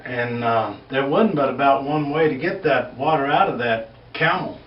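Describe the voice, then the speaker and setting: A man's voice: mid-range voice, moderate pace. A man from Texas with a West Texas accent, telling folksy jokes in a rambling, drawling way and chuckling as he goes. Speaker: comedian. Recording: echoey, distant, dull lo-fi recording with faint hiss.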